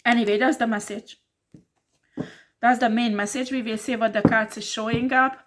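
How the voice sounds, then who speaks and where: A woman's voice: a little high, fairly even intonation, normal speed, a bit bright. A woman giving a tarot reading who scolds her listeners bluntly and swears a lot, in non-native English phrasing. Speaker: tarot reader.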